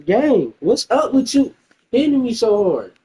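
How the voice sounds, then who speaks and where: A young man bantering casually with a sibling, teasing and swinging from mumbles to shouts. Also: very high voice, big pitch swings, unhurried, slightly rough. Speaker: vlogger. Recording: dull lo-fi recording.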